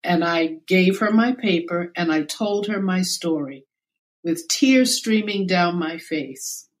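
An older woman speaking slowly and thoughtfully as an interview guest, recalling her childhood. Her voice sits somewhat low for a woman, and she lets long pauses settle between phrases. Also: lively intonation, slight background noise. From South Carolina, US. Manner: slow, reflective storytelling with quoted voices. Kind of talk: personal storytelling in conversation.

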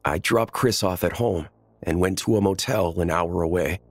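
A man narrating a first-person horror story in a measured, tense storytelling manner. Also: low-pitched, no echo.

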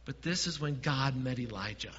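A man preaching a sermon as pastor, dropping to quiet asides and swelling to emphatic points. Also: mid-range voice, animated, normal speed, husky, in a large hall, muffled recording.

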